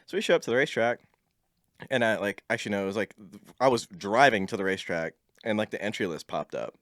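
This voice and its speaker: Laid-back low-voiced man telling stories. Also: animated, quick pace, fairly bright tone, no echo, studio quality. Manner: laid-back, laughs often, lots of "like". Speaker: podcast guest. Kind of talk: casual storytelling chat.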